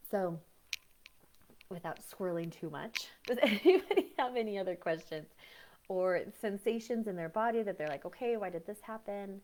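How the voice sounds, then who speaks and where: A woman with a slightly low voice talks through a live teaching session as a breathwork coach. She is chatty and animated, often slipping into voices to act out what other people say. Her talk wanders, with fillers and restarts. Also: moderate pace, background noise.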